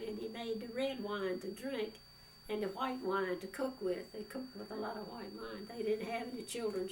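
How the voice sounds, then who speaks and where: An older woman telling a rambling, folksy story about her past, with frequent pauses and fillers. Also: mid-range voice, creaky, a little mellow. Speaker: oral history interviewee. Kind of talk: storytelling reminiscence. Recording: distant mic with faint background noise.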